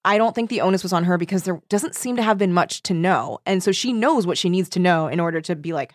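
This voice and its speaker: A woman's voice: fairly low pitch, expressive, quick pace, few pauses, dry recording. Chatty woman in a dry room. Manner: chatty, reads passages aloud. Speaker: podcast co-host. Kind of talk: casual book club chat.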